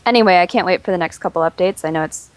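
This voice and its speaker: A woman guest on a gaming podcast, reading listener mail at a quick clip. Her voice sits on the low side and she sounds teasing. The delivery is casual. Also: no room sound, poor audio.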